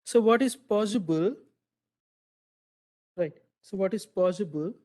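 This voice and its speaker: A man's voice: high voice, a little slow, darkish tone. A man teaching a classroom lecture, quizzing students, repeating their answers and asking "right?" again and again.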